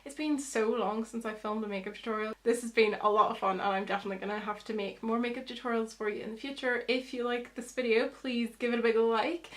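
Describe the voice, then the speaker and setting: Chatty young woman. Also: on the high side. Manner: chatty, giggly, explains each step. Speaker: beauty vlogger. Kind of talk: makeup tutorial chat.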